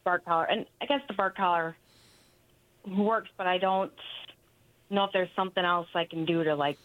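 A woman's voice: lowish voice, fairly even intonation, moderate pace, no room sound. A woman calling a radio show to ask about her dog, speaking hesitantly with lots of fillers. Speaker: caller. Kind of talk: phone-in question. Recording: tinny phone line.

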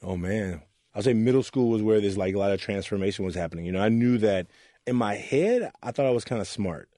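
A man's voice: on the low side, fairly quick, warm tone, no echo, clean studio sound. A man from Oakland, a youth mentor, telling personal stories in an interview in an earnest way and acting out the voices of people he quotes. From Oakland, California. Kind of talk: candid interview storytelling.

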